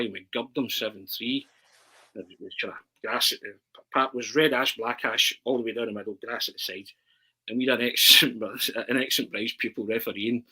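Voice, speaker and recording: A Scottish man telling stories in a casual chat as a podcast guest, animated and constantly checking in with his listener. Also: mid-range voice, breathy edge, low-quality recording. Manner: animated, keeps asking "right?". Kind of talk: casual storytelling.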